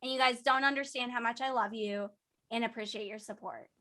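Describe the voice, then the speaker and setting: Young woman gushing in an interview, high bright voice, says like a lot. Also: fairly even intonation, fairly quick. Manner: bubbly, emotional, talks with lots of "like". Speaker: voice actress and singer. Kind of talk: casual interview answers.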